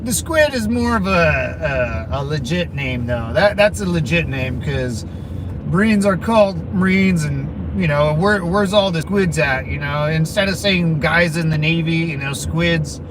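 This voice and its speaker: A man with a high voice hosts a casual livestream, answering viewers in a rambling way. He laughs often between his words. Clear street and traffic noise from an outdoor city spot runs under his voice. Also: lively intonation, a little slow. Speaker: livestream host answering chat.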